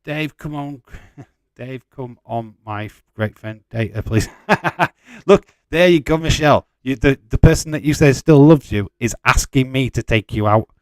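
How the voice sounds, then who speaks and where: A man's voice: mid-range voice, unhurried, no echo. A man hosting a casual live watch-along, chatting and teasing viewers while calling out match updates, swearing freely. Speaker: watch-along host reading viewer chat. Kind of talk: casual live commentary and chat.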